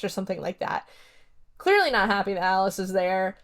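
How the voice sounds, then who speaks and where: A woman's voice: mid-range voice, animated, fairly quick. A woman hosting a casual solo podcast, chatting through a horror film review in a rambling way with lots of fillers. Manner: retells scenes by acting out quotes.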